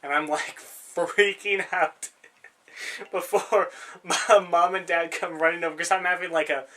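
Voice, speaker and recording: A man's voice: sits high, fairly even intonation, unhurried, sharp tone. A young man co-hosting a podcast in casual chat, rambling and swearing freely, laughing often. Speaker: podcast co-host.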